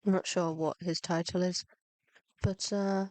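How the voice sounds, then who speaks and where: A woman's voice: on the low side, steady tone, a little slow, a little mellow, no echo. A woman, feeling unwell with a cold, giving casual, rambling, self-mocking commentary over gameplay. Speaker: gaming video narrator.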